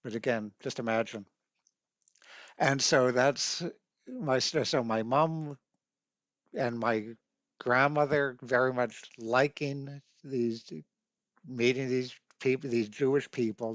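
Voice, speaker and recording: A man's voice: medium pitch, a bit bright, no echo. An older man from Canada, an instructor, tells family stories for an online course in a rambling, conversational way and corrects himself as he goes. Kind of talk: personal storytelling for an online course. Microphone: webcam. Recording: dull dry webcam audio.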